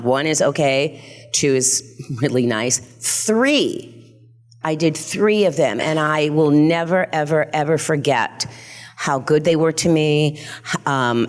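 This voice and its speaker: Older lady rambling at a con panel, lowish voice, giggly and scattered. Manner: chatty, scattered, laughing, self-deprecating. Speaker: actress, panel guest. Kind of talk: convention panel Q&A. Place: convention hall panel.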